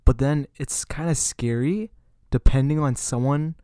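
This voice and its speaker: A young man talking freely on a student podcast, his voice sitting at an ordinary middle pitch. He fills his sentences with casual fillers, and the sound is dry and close in a residence room. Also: measured pace, mellow, smooth, no echo. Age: young adult. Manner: chatty, leans on filler "like". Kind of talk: casual chat.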